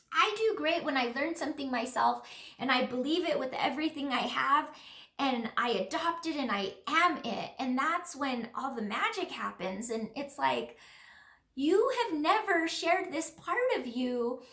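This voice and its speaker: Earnest, rambling woman healer with a bright, tense voice, recorded in a roomy space. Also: sits high. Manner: rambling, earnest, many fillers. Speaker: spiritual healer. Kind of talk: casual reflective monologue. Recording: roomy echo.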